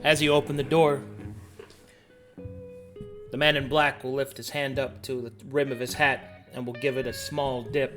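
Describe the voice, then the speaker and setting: Guy running a tabletop game, short plain answers, mid pitch, light music under. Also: little pitch movement, normal speed, long pauses, a bit bright. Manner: short, matter-of-fact rulings. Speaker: game master.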